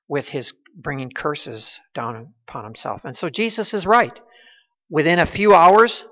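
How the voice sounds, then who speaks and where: A man preaching an expository Bible sermon, earnest and emphatic, with frequent filler pauses. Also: on the high side, creaky, a bit bright, highs cut off.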